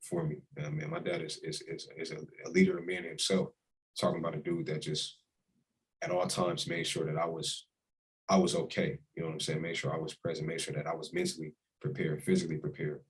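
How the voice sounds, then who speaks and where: A man's voice: a bass voice, fairly quick, creaky, poor audio. A young man, a college quarterback, talking with emotion and reflection as a guest in a casual interview. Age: young adult. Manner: heartfelt, reflective, speaks with emotion.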